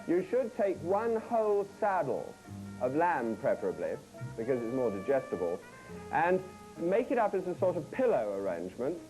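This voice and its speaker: A man's voice: a little high, huge pitch swings, normal speed, music in the background, rough recording. A man hosting a cooking show, joking wryly with a studio audience in an archival broadcast. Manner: wry, teasing asides.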